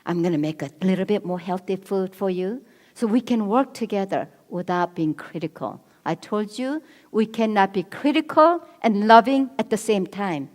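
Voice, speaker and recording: A middle-aged woman speaking at a church marriage seminar, earnest and coaching, repeating her key points. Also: mid-range voice. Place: church hall. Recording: long reverb of a church hall.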